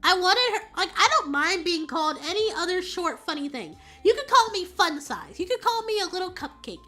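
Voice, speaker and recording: A woman streamer chatting casually and telling a story in an animated, rambling way. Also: very high-pitched. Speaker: VTuber streamer.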